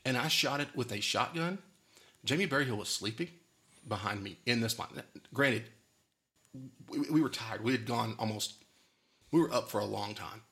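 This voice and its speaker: A man hosts a casual podcast chat. His voice is bright and forward. He rambles off on side tracks and laughs often as he tells stories. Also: mid-range voice, moderate pace, pauses often. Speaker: podcast host.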